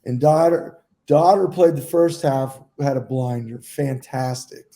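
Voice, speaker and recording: A middle-aged man co-hosting a casual round-table podcast, telling relaxed anecdotes. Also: medium pitch, unhurried. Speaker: podcast co-host, former goalkeeper.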